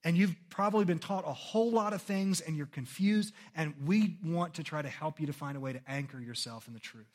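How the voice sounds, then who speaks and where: A pastor delivers an earnest, conversational sermon in a somewhat high voice, speaking a little fast with hardly any pauses. He keeps checking in with "okay?" and shifts his delivery dramatically when reading scripture.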